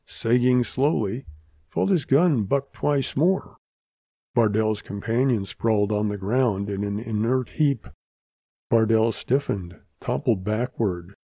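A man reads a western story aloud at an unhurried pace, with a gravelly, dark-toned voice. His delivery is measured and deliberate, recorded close and dry with no room sound. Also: mid-range voice, dry recording. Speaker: narrator. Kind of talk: dramatic reading of a western story.

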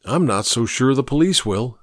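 A man playing a no-nonsense best friend in an audiobook, blunt and matter-of-fact with a dry sarcastic edge. His lively voice moves up and down, recorded close and dry. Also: mid-range voice, normal speed, no room sound, lightly acted.

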